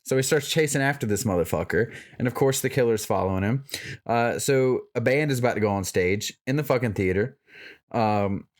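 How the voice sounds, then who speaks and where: A man's voice: mid-range voice, a little fast. A man co-hosting a movie-review podcast, recapping the plot in a loose, profane, rambling way. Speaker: podcast co-host. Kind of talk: casual movie-review chat.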